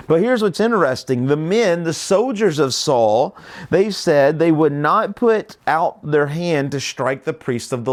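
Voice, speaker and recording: A man teaching through a Bible chapter in a casual, conversational way, retelling the story with quoted lines and frequent "right?" asides. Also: fairly high pitch. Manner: conversational, retells scripture with quoted voices, many fillers and "right?".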